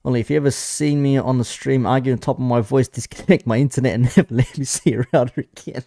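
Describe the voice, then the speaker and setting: A man's voice: mid-range voice, steady tone, quick pace, creaky, mellow, dry recording, clean studio sound. A man talking casually on a live stream, rambling about online chat moderation and swearing freely. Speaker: commentary streamer.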